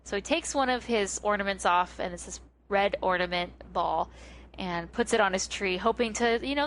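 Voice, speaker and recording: A woman's voice: medium pitch, normal speed, slight background noise. Giggly woman retelling a cartoon. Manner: animated, giggly storyteller who acts out scenes. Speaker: podcast co-host. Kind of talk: casual chat recapping a film.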